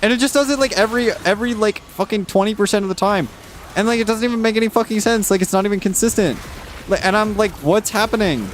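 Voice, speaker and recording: A man's voice: fairly even intonation, quick pace, slight background noise. A man streaming live, ranting casually with lots of swearing while reading chat comments. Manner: ranting, frequent swearing, rising exasperated pitch. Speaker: livestreamer.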